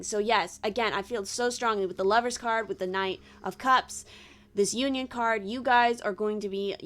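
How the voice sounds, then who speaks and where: A woman's voice: fairly high pitch, bright, forceful tone. A young woman giving a casual tarot reading to viewers, reading card meanings aloud with chatty asides. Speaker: tarot reader.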